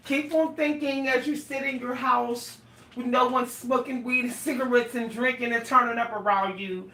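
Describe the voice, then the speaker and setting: A woman's voice: fairly high pitch, steady tone, moderate pace, bright, forceful tone. A middle-aged woman, talking casually and animatedly to her viewers, laughing and exclaiming often. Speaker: vlogger. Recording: echoey room, voice a bit far from the mic.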